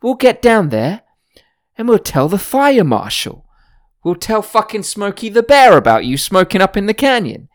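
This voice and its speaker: A man's voice: high-pitched, very animated, normal speed, no room sound, clean studio sound, pitched above the performer's own voice. A man putting on a whiny, tattling young hiker guy. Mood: whiny scolding. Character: indignant young male hiker, scolding and self-righteous.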